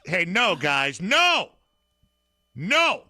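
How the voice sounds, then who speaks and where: A man co-hosting a sports talk radio show, his voice very bright and sharp. His pitch swings widely as he teases his partner and reads out listener texts. He sounds playful and quick. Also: very animated. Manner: playful, teasing. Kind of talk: casual sports talk banter.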